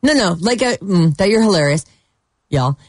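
A woman co-hosting a radio show, telling stories in animated casual banter with frequent laughs. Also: mid-range voice, normal speed, slightly rough, dry recording, studio quality. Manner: animated storyteller, laughs often.

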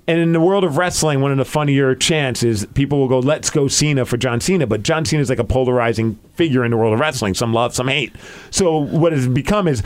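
A young man hosting a podcast, telling a story in an excited, rambling way and saying "like" a lot. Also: mid-range voice, fairly quick. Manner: excited, rambling, heavy use of "like". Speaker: podcast host.

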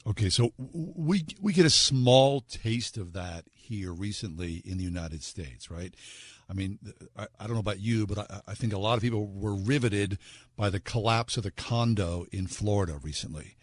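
A man's voice: fairly low pitch, expressive, normal speed, no echo, studio quality. A man co-hosting a radio show, making an earnest fundraising appeal with repeated calls to give. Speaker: radio co-host.

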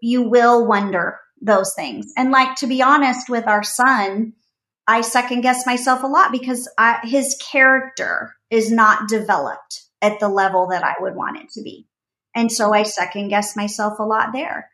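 A woman's voice: fairly high pitch, fairly even intonation, moderate pace, fairly bright tone. Earnest woman guest in a roomy echo. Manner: earnest, heartfelt storytelling. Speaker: guest author and speaker. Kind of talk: faith-based podcast conversation.

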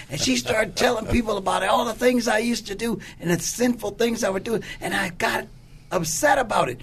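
This guest, an elderly bishop from Oakland, California, candidly tells his life story in conversation, emphatic and acting out quotes in a preacherly rhythm. His high, somewhat bright voice moves fairly quickly, and a little hiss or hum is audible.

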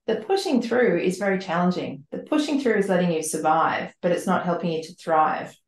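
A woman's voice: fairly low pitch, expressive, brisk. A woman who is a leadership coach and author, answering podcast questions earnestly in long, flowing explanations and repeating words as she thinks. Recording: roomy echo.

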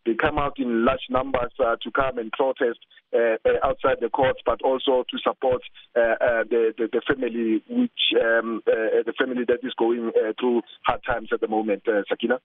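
A man's voice: medium pitch, flat delivery, no echo. Guy reporting over the phone, dry sound, keeps saying uh and repeating words. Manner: halting, many fillers and repeated words. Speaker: field reporter. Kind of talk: live news report by phone. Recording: tinny phone line.

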